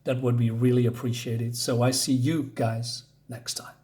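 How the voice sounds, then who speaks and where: A man's voice: mid-range voice, little pitch movement, moderate pace, mellow. A man whose first language is not English, reviewing a comic in casual, rambling speech full of fillers and frequent chuckles. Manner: rambling, hesitant, many fillers; chuckles often.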